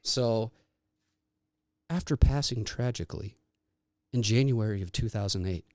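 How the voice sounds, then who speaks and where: A man's voice: fairly low pitch, a little slow, darkish tone, no echo. A young man co-hosting a podcast, joking around and reading a silly backstory in a playful way. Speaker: podcast co-host. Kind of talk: casual chat, reading a made-up backstory.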